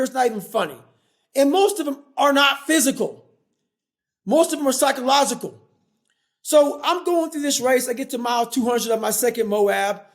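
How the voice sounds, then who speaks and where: A man in his forties, a podcast guest, telling a story in an intense, emphatic way, swearing often. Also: very high voice. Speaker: guest, former Navy SEAL and endurance athlete.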